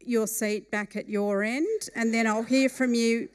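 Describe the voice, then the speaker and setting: A woman voicing a stern male judge who speaks firmly and lectures a litigant in measured terms. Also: extremely high pitch, steady tone, clean tone. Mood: weary.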